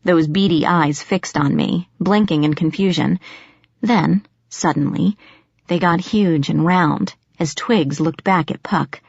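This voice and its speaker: A woman reading a first-person story aloud as an audiobook narrator, in a steady, measured way. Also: low-pitched, vocal fry, husky, dry recording. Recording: slightly muffled dry recording.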